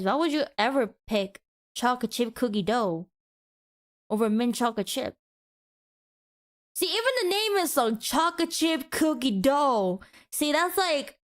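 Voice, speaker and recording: A woman streamer giving a mock-passionate, teasing rant to her chat in a playful, dramatic way. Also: sits high.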